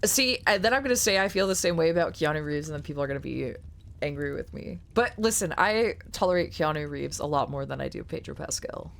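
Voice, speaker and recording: A woman's voice: low-pitched, expressive, fast talker, creaky. A young woman streaming live, chatting casually and ranting with swears and mocking quotes. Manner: rambling, swears, ranty with mocking put-on quotes.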